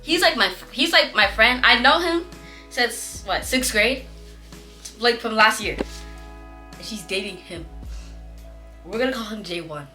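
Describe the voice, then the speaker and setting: A young woman casually telling a story, chatty and animated, acting out what classmates said in playful voices. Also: a little high, a little slow, pauses often. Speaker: vlogger. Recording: faint background music.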